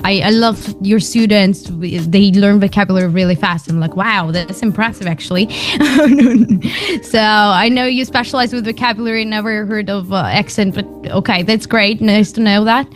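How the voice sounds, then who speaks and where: A woman's voice: medium pitch, normal speed, soft background music. A woman with a slight British tinge, chatting as an interview guest, laughing often and repeating words. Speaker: guest, homeschool consultant and teacher. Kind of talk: casual interview chat.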